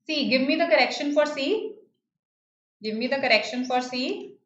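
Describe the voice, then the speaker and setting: A woman's voice: high voice, moderate pace, a bit bright. A woman with an Indian English accent teaching an online grammar lesson, explaining patiently and checking in with her students. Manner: explains patiently, repeats key phrases, checks with "right?". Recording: slightly dull, roomy, faint noise.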